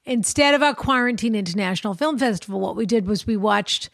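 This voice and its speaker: A woman's voice: medium pitch, fairly quick, creaky, a bit bright, dry recording, studio quality. A woman co-hosting a podcast in casual chat, playful and theatrical, teasing her co-host.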